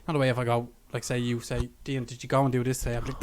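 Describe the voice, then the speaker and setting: Guy co-hosting a podcast, mid-pitched, rambles on with likes and ums. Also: fairly even intonation, racing, few pauses, a little mellow. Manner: rambling, full of fillers. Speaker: podcast co-host. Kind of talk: casual chat.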